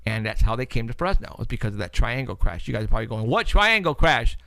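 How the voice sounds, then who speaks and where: Gravelly-voiced man telling a paranormal story. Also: fairly low pitch, rapid-fire, no room sound. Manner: animated storyteller, acts out phone calls with quoted voices. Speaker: paranormal investigator and show host. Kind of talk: casual chat.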